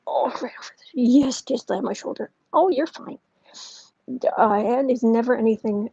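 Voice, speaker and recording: A breathy, rather high-voiced woman rambles cheerfully through a home livestream, wandering off into asides and reading out her chat. She talks into an earpiece microphone. The sound is dull and dry, with no room echo. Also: moderate pace. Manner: rambling and warm, with frequent fillers and asides. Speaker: astrology and tarot livestream host. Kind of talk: chatty livestream talk, reading chat comments.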